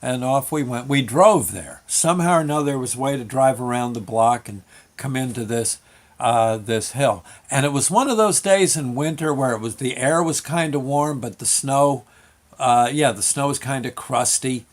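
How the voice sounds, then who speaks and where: An older man hosting his own show, telling a rambling childhood story with chuckles and halting restarts. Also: mid-range voice. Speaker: show host.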